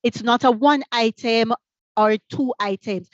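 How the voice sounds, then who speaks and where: Lively Jamaican woman leading teacher training. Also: fairly high pitch, unhurried, dry recording, highs cut off. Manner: energetic, asks many rhetorical questions. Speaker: workshop facilitator.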